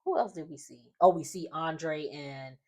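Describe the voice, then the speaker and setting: A woman's voice: deep voice, measured pace, a little mellow. A young woman chatting casually through a soap opera recap, acting out the characters' lines as she goes.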